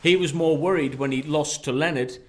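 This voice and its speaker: A man's voice: fairly high pitch, brisk. Man arguing boxing with rhetorical questions. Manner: argumentative, pushes back with rhetorical questions. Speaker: boxing podcast co-host. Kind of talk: casual debate.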